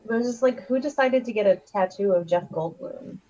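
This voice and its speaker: A woman's voice: mid-range voice, a little fast, dark tone. A woman co-hosting a casual livestream chat, rambling and giggly as she riffs on ideas. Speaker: co-host. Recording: dull lo-fi stream audio.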